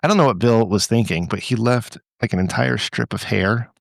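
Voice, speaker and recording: A man's voice: on the low side, moderate pace, vocal fry, no echo. A man hosting a podcast in loose, rambling chat, swearing freely and restarting his sentences. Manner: rambling, profane, with frequent restarts. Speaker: podcast host.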